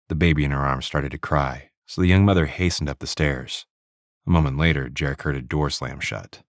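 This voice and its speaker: A man reading a crime novel audiobook in steady, even scripted narration into a close studio mic. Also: very deep voice, brisk, no echo.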